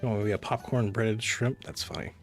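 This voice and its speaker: A man's voice: fairly low pitch, fairly even intonation, moderate pace, faint music behind. A man streaming a cozy game, chatting casually and rambling to his viewers. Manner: rambling, chatty, talks to chat. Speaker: gaming streamer. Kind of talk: casual live-stream chat.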